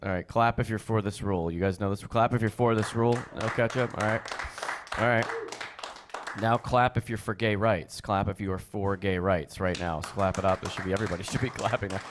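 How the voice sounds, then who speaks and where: A man from New Jersey doing a stand-up comedy set on stage, chatting fast and acting out the people in his stories with high put-on voices. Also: fairly even intonation, a crowd in the background, background noise. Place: comedy stage before a live audience.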